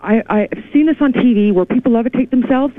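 A woman calling into a radio show, telling her story in an excited, rambling way with many restarts. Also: a little high, a little fast, dry recording. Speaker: caller. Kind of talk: call-in radio chat. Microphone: telephone. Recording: tinny phone line.

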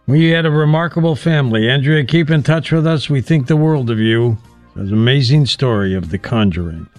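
A man's voice: medium pitch, a little fast, no room sound, faint music behind. A man hosting a radio talk show, asking questions and reading the closing credits. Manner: warm sign-off, reading a list of credits. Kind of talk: late-night radio talk.

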